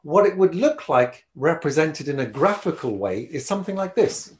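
Lively male speaking coach. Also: moderate pace. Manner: animated, wide swings of loudness and pitch to demonstrate. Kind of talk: presentation skills lesson.

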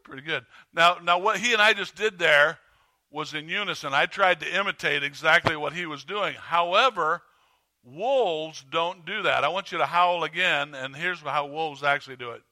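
A man preaching a sermon as pastor, conversational and halting with fillers and restarts, rising when he stirs up the congregation. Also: sharp tone. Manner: rises in pitch and volume when stirring the congregation. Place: church sanctuary.

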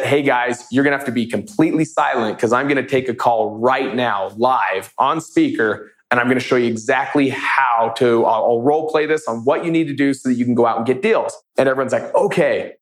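A man's voice: mid-range voice, reverberant. A man teaching real estate wholesaling, telling stories from his calls in an upbeat, casual way. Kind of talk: storytelling teaching talk.

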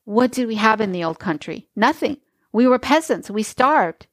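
A woman's voice: on the high side, expressive, normal speed, dry recording. A woman reading as a firm old immigrant grandmother. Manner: firm, plain old-fashioned speech.

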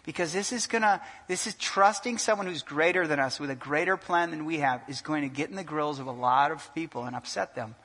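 A male pastor preaching a sermon in an animated way, asking the congregation questions and joking. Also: a little high, brisk, few pauses. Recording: long hall reverb.

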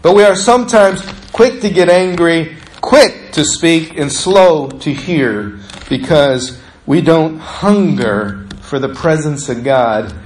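A pastor preaching a sermon, asking the congregation questions and often dropping his voice low and slow. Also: expressive, a little hiss or hum, low-quality recording. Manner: preachy, asks the listeners questions, often drops soft and slow.

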